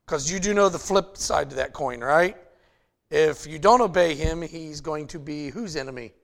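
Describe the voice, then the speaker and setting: Gravelly high-voiced male preacher. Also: normal speed. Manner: conversational preaching, frequent "okay?" check-ins, rising to loud emphatic passages. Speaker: pastor. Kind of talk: sermon.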